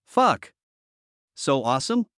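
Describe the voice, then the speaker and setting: Confident young martial artist, read by a man; slow, self-assured, dry close read. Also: mid-range voice, sing-song, fairly bright tone, smooth, dry recording. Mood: amazed.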